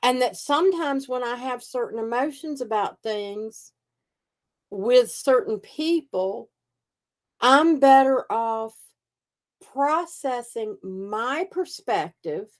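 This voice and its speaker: A woman's voice: on the high side, lively intonation, slow. A woman co-hosting a casual podcast, thinking aloud in a reflective way, often restarting her sentences. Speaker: podcast co-host. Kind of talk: casual conversational podcast chat.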